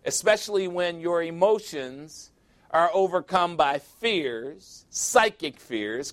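A man preaching a sermon in a conversational way, with jokes and emphatic asides. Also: a little high.

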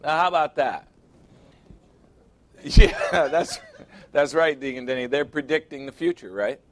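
A man's voice: mid-range voice, fairly quick, fairly bright tone. A middle-aged man preaching a sermon, reading scripture aloud and pressing his points with rhetorical questions. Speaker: pastor.

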